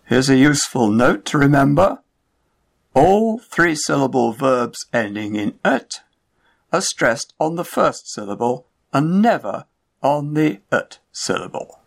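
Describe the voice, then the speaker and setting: A man giving a scripted pronunciation lesson, enunciating each example word in a slow, measured way. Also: mid-range voice, very animated, gravelly. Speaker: pronunciation teacher. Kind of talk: scripted instructional narration.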